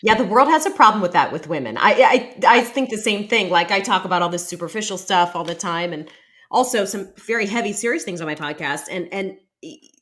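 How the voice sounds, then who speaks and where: A woman hosts a podcast interview in a relaxed chat. Her voice sits at a middle pitch, and she responds to her guest in an earnest, supportive way. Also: fairly quick. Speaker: podcast host.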